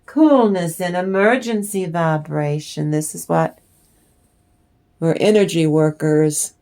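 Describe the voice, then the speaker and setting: Blunt sweary lady doing a tarot reading, low-ish voice, takes her time. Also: slow, dark tone. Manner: blunt and profane, emphatic. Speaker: tarot reader.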